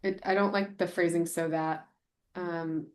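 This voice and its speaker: Lowish-voiced woman running a committee meeting, casual, edits text out loud. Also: steady tone. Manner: brisk and informal, thinking aloud while typing. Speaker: committee chair editing a document. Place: town committee meeting room.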